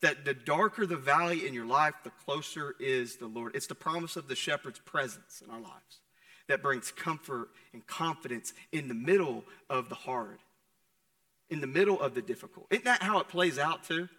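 A young adult man preaching a sermon in a conversational way, moving between loud and hushed passages. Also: fairly high pitch, moderate pace, long reverb tail. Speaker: pastor. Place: church sanctuary.

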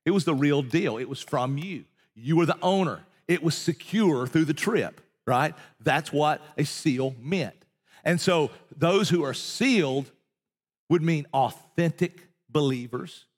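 A man delivers a sermon in a conversational, emphatic way, throwing rhetorical questions at his congregation. His voice sits a bit high for a man. The sound rings with the long reverb of a large church hall. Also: lively intonation, a little slow, breathy edge. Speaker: pastor.

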